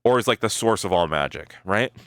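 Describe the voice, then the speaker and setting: A man's voice: deep voice, animated, fairly quick, a bit bright, clear, resonant tone, no echo, clean studio sound. A male streamer chatting casually with his viewers, thinking aloud, swearing freely and tagging his sentences with "right?". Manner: rambling, swears freely, keeps adding "right?"; talks to his chat while thinking aloud. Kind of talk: casual live-stream chat.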